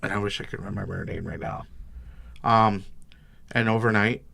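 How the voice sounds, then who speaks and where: A man's voice: fairly low pitch, normal speed, vocal fry, sharp tone, no echo. A man, a guest on a podcast, telling his business story in an easygoing, casual way. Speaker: guest, bag maker. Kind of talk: casual interview chat.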